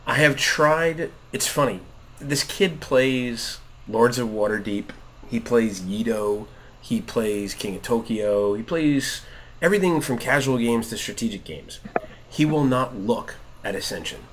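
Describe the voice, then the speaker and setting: Brief: man, 30s, casual gaming podcast co-host, lively storyteller who acts out dialogue, laughs a lot. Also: medium pitch, unhurried, slight background noise. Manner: animated storyteller, acts out quotes, laughs often. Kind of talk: casual chat while gaming.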